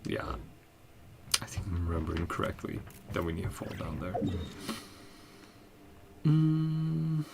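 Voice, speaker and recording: Low gravelly laid-back gaming host. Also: male voice, very animated, a little slow, long pauses, noisy background. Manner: laid-back, chuckling, thinking aloud. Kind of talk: casual game commentary.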